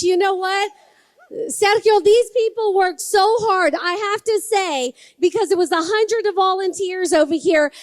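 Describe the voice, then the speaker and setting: A congressional candidate with a very high-pitched voice gives a campaign speech, telling stories conversationally and addressing the crowd directly. There's no room sound.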